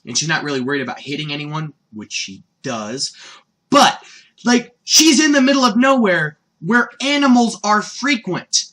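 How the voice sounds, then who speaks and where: A man's voice: on the high side, bright, forceful tone. A man giving a casual, jokey review of a cartoon episode, laughing at his own asides. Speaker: anime reviewer.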